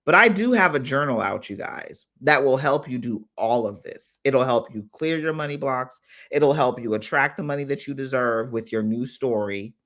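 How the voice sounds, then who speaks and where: A woman's voice: extremely low pitch, lively intonation, normal speed, a bit bright. A woman coach talking casually to her followers on a live stream. She is emphatic and heartfelt and repeats phrases for effect. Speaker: business mindset coach.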